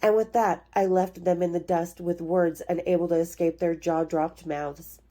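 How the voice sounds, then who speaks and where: A woman in her fifties reads from her memoir in a warm, mellow voice. She is frank and playful, stepping out of the text now and then to chat with her listeners. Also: fairly low pitch, steady tone, normal speed. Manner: frank, playful, breaks off to talk to viewers. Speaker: author reading her memoir. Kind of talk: memoir reading with chatty asides.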